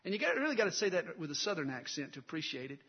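A male pastor preaching a sermon, telling stories dramatically and swelling loud before dropping low. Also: sing-song, very fast, husky, lo-fi sound.

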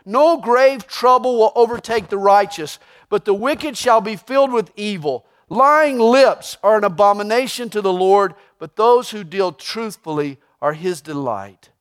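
A man preaching a verse-by-verse sermon, reading scripture and mixing in humor and a joke told with rising excitement. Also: high-pitched, unhurried, hardly any pauses, clean tone. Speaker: pastor.

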